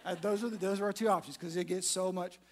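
A man's voice: sits high, steady tone, fast, a little hiss or hum. A man, preaching a sermon to a large room through a self-mocking personal story. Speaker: pastor.

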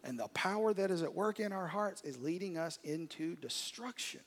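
A male pastor preaching a sermon to a church congregation, shifting dramatically from hushed, quiet lines to loud, forceful ones. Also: high-pitched, lively intonation, normal speed. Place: church service.

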